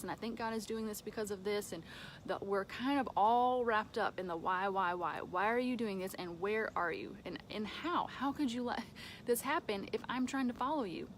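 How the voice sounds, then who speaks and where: A woman's voice: on the high side, a little hiss or hum. Woman giving a casual devotional talk. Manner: conversational with fillers and soft laughs. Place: home with a dog nearby.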